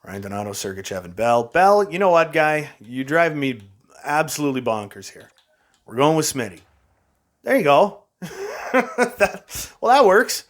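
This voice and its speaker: A man's voice: a little high, very animated, moderate pace, pauses often. Exasperated young man narrating gameplay. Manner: frustrated, exasperated, self-mocking with frequent laughs. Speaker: gaming YouTuber. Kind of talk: casual gameplay commentary.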